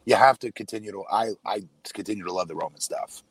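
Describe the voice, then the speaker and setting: A man's voice: lowish voice, fast, no room sound. A man co-hosting a casual podcast, talking loosely and laughing easily. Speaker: podcast co-host. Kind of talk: casual wrestling podcast chat.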